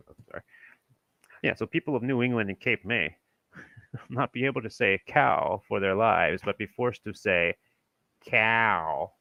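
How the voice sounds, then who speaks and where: Young Maryland man, casual rambling host, bright low-ish voice, dry close recording. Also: moderate pace, pauses often, no room sound, dull audio. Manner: rambling, many restarts and chuckles. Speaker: channel host. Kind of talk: casual commentary reading from an old text.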